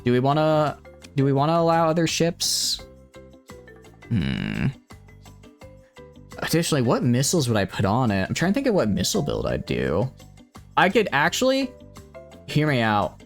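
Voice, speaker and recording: A man streaming a game live, thinking aloud excitably and chatting with viewers, with hiccups. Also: medium pitch. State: has hiccups. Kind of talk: live gameplay commentary.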